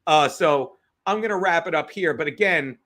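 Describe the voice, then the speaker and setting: Bright-voiced, profane, rambling man. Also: on the high side, moderate pace. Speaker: podcast co-host. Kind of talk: casual political chat.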